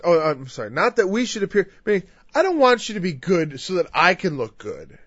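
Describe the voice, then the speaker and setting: A man's voice: high voice, wildly swooping pitch, fairly quick, fairly bright tone, dry recording, lo-fi sound. A man preaching a sermon emphatically, teaching through a scripture passage and sometimes raising his voice. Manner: emphatic, raises voice at times.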